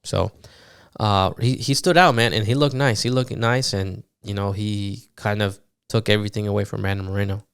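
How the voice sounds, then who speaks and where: A man recapping fights on his podcast in a loose, animated monologue, swearing often and full of fillers. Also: lowish voice, moderate pace, creaky, clear, resonant tone, no room sound, clean studio sound. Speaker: podcast host.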